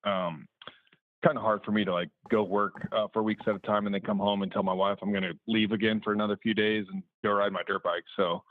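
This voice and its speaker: A man's voice: lowish voice, little pitch movement, brisk, no room sound, narrow, tinny audio. A man from the American South chatting casually on a podcast, with many fillers and restarts as he rambles through stories. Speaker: remote guest, motocross videographer.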